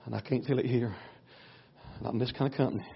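A man, a pastor preaching a storytelling sermon in a folksy way, going from hushed to loud. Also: mid-range voice, steady tone, fast, gravelly, breathy edge. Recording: dull lo-fi recording.

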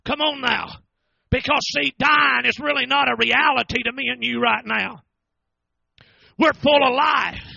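A man's voice: very high voice, steady tone, unhurried, gravelly, bright, forceful tone, no echo, dull audio. A man preaching a storytelling sermon, fervent and drawn out.

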